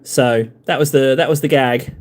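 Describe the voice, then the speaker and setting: A man's voice: medium pitch, steady tone, normal speed, darkish tone. A man chatting casually and rambling in jokes to his viewers while he paints models on a live stream. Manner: rambling, jokey, talks to viewers in chat.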